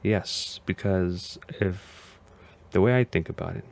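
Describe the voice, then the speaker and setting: A man's voice: low-pitched, takes it slowly, vocal fry, a little mellow. A man hosting a casual video reaction as a vtuber, talking in a hesitant, rambling way and often sounding unsure.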